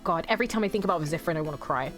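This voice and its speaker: A woman's voice: fairly low pitch, lively intonation, rapid-fire, a bit bright, soft background music. A woman streamer rambling through emotional live commentary on a game, swearing freely and talking back to chat.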